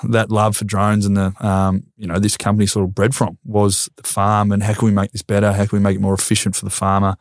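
A thirties Australian man, a former footballer appearing as a podcast guest, speaks in a lowish, completely flat voice at a quick clip with hardly any pauses. The recording is dry and studio-clean. It's casual conversation, and he comes across earnest and reflective, often repeating words as he works a thought out.

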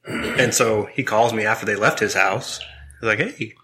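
Podcast host, man in his 40s, bright forceful voice, profane laughing storyteller, faint noise behind. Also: lowish voice, steady tone, normal speed. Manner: swearing, laughing anecdote teller. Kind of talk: casual storytelling chat.

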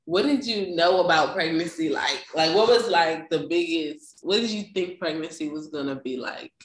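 A woman's voice: low voice, moderate pace, a little hiss or hum. A woman in a casual chat, chiming in and asking curious questions. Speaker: podcast co-host. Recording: roomy echo.

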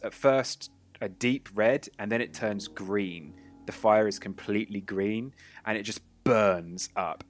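Low-voiced man running a tabletop game. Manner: laughing, animated storytelling. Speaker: game master.

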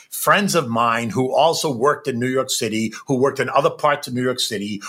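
Husky man telling a story, forceful. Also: mid-range voice. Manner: emphatic, repetitive, tags "right?" onto sentences. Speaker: trader recounting a personal experience. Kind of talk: personal storytelling.

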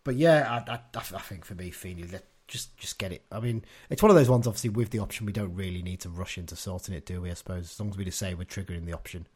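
A man's voice: low-pitched, fast talker, hardly any pauses, a little mellow, husky. A man co-hosting a casual football podcast, chatty and opinionated, often tagging his points with questions. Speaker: podcast co-host.

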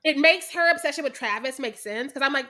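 A high-voiced woman with a bright, cutting tone rattles through a casual podcast chat. She is animated and expressive, swears freely, acts out what people said and breaks into laughter often. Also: fast talker. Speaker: podcast co-host.

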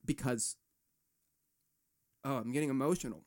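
A man's voice: on the high side, animated, slow, pauses often. A man hosting a solo podcast, ranting in a fired-up, profane way. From United States. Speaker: podcast host.

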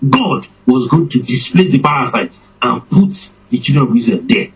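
A man preaching a sermon, slow and emphatic, his voice swinging up and down for effect. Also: medium pitch, animated, breathy edge, rough recording.

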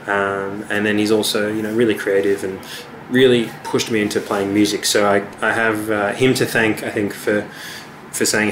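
Speaking at normal speed with a flat delivery, a young man who is a musician talks casually as a guest in an interview, full of fillers and restarts. His voice is fairly low. Background noise and faint ambience fill the echoey room.

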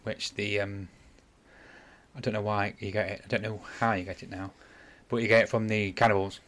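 A man's voice: on the low side, level tone, fairly quick, a bit bright. A man, casually retelling a game's plot on a podcast, rambling and apologizing as he goes. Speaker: podcast host. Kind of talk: casual chat.

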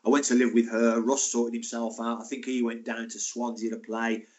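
A man in his sixties talks as a podcast guest, recalling his playing days. His mid-range voice rises into animated, laughing storytelling as the anecdotes build. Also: mid-range voice, fairly quick. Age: 60s. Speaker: former footballer, guest. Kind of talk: casual storytelling.

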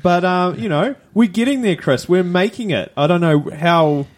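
Podcast co-host, New man, dry teasing humour, voice a touch high. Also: moderate pace. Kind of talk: casual chat.

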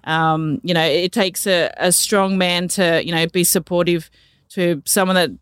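A woman in her forties talks as a guest in a studio booth. She chats in a relaxed, easygoing way, leaning on "yeah" and "um". Her voice is smooth and resonant, and the recording is close and dry. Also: lowish voice, measured pace, no room sound. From Australia. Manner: relaxed, easygoing, lots of "yeah" and "um" fillers, laughs easily. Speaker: MMA fighter and coach, podcast guest. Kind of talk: casual interview chat.

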